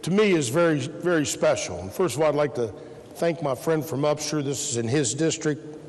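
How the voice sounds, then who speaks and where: Man, state senator, earnest heartfelt tone, slightly high voice, echoey chamber. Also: expressive, normal speed, a little mellow. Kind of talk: floor remarks. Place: legislative chamber.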